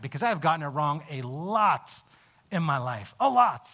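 A male pastor with a slightly high voice tells a personal story in a sermon. He talks in halting restarts, swinging between lively scenes and quiet, low reflection.

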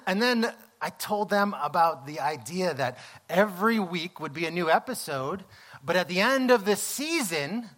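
Middle-aged male pastor, storytelling sermon, high and bright, acts out the lines. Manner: storytelling, animated, acts out exclamations.

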